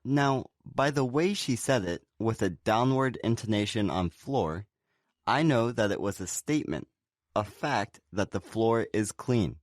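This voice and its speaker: A man co-hosting a scripted pronunciation lesson. His voice sits on the low side, and he explains things clearly and steadily. The sound is dry, with no room around it. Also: expressive, unhurried, no echo. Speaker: pronunciation teacher.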